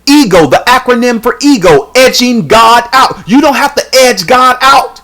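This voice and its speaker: A woman YouTube commentator addresses her viewers directly in a slightly high, expressive, somewhat bright voice at a moderate pace. Her casual, colloquial social commentary turns preachy, with a sermon-like emphatic cadence and many repeated phrases.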